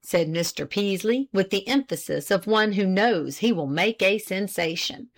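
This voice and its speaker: A woman with a mid-range voice narrates a story aloud in a measured, expressive way. She is an audiobook reader delivering scripted narration.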